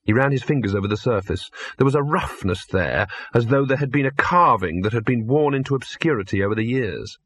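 Husky-voiced male storyteller. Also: mid-range voice, animated, fairly quick, hardly any pauses, dry recording. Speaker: audiobook narrator. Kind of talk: scripted narration of a comic fantasy novel.

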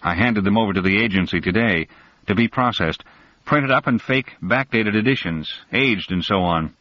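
Guy doing a shaken confused man, halting, lowish voice, dry lo-fi sound. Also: no echo, close to an everyday voice. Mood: bewildered. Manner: halting, bewildered. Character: bewildered, shaken middle-aged man. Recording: dull lo-fi dry recording.

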